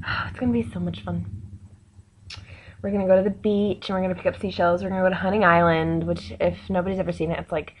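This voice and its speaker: A young woman rambles excitedly to her camera. Her talk is casual, full of fillers and quick jumps between thoughts. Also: lowish voice, breathy edge. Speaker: vlogger.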